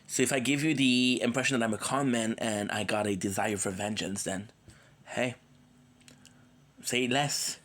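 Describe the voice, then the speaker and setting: A man's voice: medium pitch, a bit bright. Worn-out man rambling on a stream. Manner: rambling, joking. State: tired, coming down with a cold. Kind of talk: casual live-stream chat.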